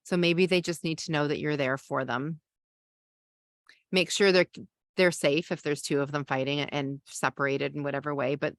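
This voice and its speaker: Woman, middle-aged, podcast host, calm gentle coaching, soft sighs, lowish voice, dry close sound. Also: normal speed, no echo. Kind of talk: teaching a parenting masterclass.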